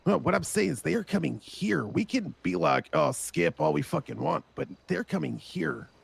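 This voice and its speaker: A man's voice: fairly high pitch, expressive, normal speed, gravelly, husky. A man speaking in character in a gang roleplay, urgent and insistent, swearing often and pressing his point.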